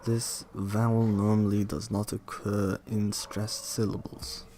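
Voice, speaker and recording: A man reads a textbook aloud at a slow, unhurried pace, stumbling over words and stopping to question what he reads. His voice sits fairly low, with a faint hiss of noise behind him. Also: flat delivery, warm tone. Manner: halting, restarts words and questions the text aloud. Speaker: reader studying a linguistics textbook. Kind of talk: reading aloud with self-commentary.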